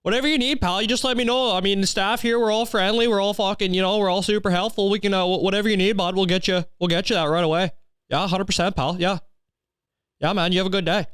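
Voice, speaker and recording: A man's voice: high-pitched, fairly even intonation, quick pace, a bit bright, clean tone, dry recording, voice pushed up. A man voicing an overeager, friendly male store clerk who gushes to please every customer. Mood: gushing. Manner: gushing, eager to please, upbeat.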